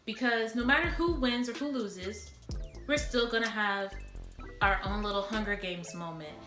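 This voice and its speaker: A woman's voice: mid-range voice, normal speed. Blunt woman vlogger in an echoey room. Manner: blunt, talks straight to viewers. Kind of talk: impassioned direct-to-camera rant. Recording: echoey room with background music.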